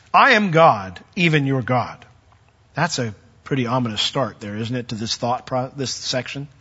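Husky-voiced pastor preaching in an echoey hall. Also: male voice, medium pitch, muffled recording. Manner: builds to loud, emphatic peaks when reading scripture; conversational asides to the congregation. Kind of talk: sermon.

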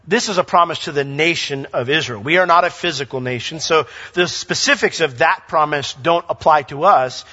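An animated male pastor preaches with a high, bright voice, reading scripture aloud and acting out little exchanges. His voice rings through a long, reverberant hall. The recording is dull and lo-fi. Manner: animated, acts out dialogue and reads scripture aloud. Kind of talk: sermon.

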